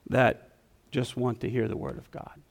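A man preaching a sermon in a church, talking in a conversational, self-deprecating way and softening into quiet prayer. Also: mid-range voice, level tone, normal speed, gravelly. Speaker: guest preacher. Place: church sanctuary.

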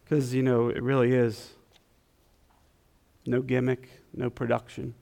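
A man preaching a sermon in a church, talking in a conversational, self-deprecating way and softening into quiet prayer. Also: mid-range voice, completely flat delivery, a little slow, creaky. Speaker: guest preacher. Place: church sanctuary.

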